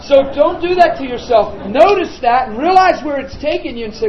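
A man's voice: extremely high pitch, expressive, fairly quick, hardly any pauses. Chatty pastor man in a roomy hall. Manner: chatty, joking with the congregation. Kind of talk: informal sermon. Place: meeting room with a congregation. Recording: roomy, dull sound with crowd behind.

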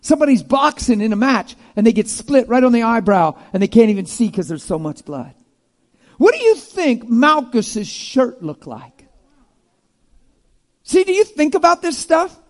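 Brief: male preacher, high voice, animated and emphatic, loud then hushed. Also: moderate pace. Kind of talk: sermon.

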